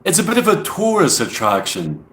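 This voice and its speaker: A man's voice: a little high, huge pitch swings, normal speed, fairly bright tone, pitched above the performer's own voice. A man doing a chatty put-on English accent. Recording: roomy echo.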